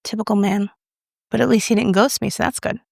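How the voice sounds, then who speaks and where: A woman's voice: medium pitch, fairly even intonation, fairly quick, vocal fry, a little mellow, no room sound, studio quality. A young woman casually reviewing makeup, chatty and self-deprecating as she applies it on camera. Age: young adult. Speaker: beauty YouTuber.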